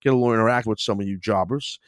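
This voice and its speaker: A middle-aged man hosting his own podcast in casual solo chat, rambling, swearing and getting excited as he goes. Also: on the low side, very fast, no echo, studio quality. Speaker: podcast host.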